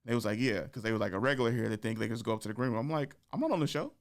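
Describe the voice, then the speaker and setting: Male podcast host and comic, smooth clean voice, mid pitch, animated storyteller who acts out quotes. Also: rapid-fire. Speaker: podcast host and stand-up comedian. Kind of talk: casual storytelling chat.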